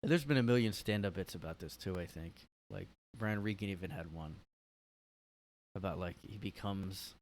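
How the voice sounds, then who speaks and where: A man's voice: sits low, moderate pace, a little mellow, a little hiss or hum. A man hosting a casual solo podcast from his room, rambling and hesitant, full of "like". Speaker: podcast host.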